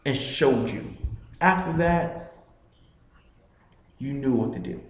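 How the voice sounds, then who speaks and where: A man's voice: fairly high pitch, darkish tone. A young man casually telling a personal story, rambling with many "you know" fillers. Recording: echoey room with faint ambience.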